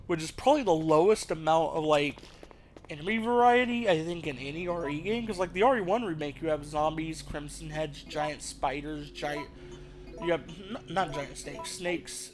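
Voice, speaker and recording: A man's voice: fairly high pitch, moderate pace, music in the background. A man hosting a let's play, rambling casually and thinking aloud, with the odd swear. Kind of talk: rambling gameplay commentary.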